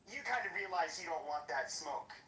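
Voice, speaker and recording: Brief: woman, mid-pitched, confrontational and foul-mouthed host, echoey distant audio with faint hiss. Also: lively intonation, moderate pace, fairly bright tone. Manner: profane, mocking, confrontational. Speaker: podcast host. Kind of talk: heated call-out rant. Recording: roomy, distant, faint noise.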